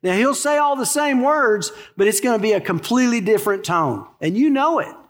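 A man's voice: very high voice, lively intonation, brisk. A man in his sixties, a pastor preaching a sermon in a conversational, folksy way with asides to the congregation.

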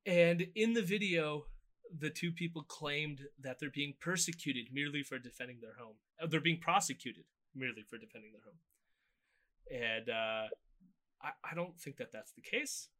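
A man's voice: fairly high pitch, normal speed, a bit bright. A man co-hosting a podcast, recapping clips in a loose, sardonic casual chat. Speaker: podcast co-host. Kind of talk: casual political commentary chat.

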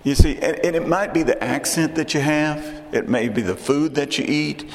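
A man's voice: fairly high pitch, normal speed, in a large hall. A man with a Texan accent preaching a sermon in a conversational way, often repeating and restarting phrases. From Texas.

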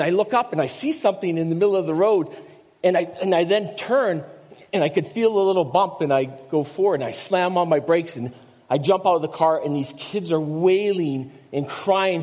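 An older male pastor preaches a conversational sermon in a church sanctuary, telling personal stories with asides and rhetorical questions. His voice is fairly high-pitched with a darkish tone, and the recording carries the long reverb of a church hall.

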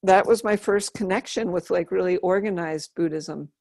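A middle-aged woman with a fairly low voice recalls her life in an unhurried, earnest way. She often restarts a thought mid-sentence. The sound is close and dry. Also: gravelly, a little mellow, no room sound. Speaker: interviewee. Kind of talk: reflective personal storytelling.

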